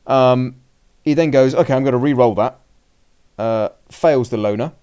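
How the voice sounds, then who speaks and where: A man's voice: mid-range voice, normal speed, warm tone, clear, resonant tone. Man rambling through a game recap. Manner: rambling, restarts, acts out his own and his opponent's lines. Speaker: podcast host recounting a game. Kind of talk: casual chat, play-by-play recap.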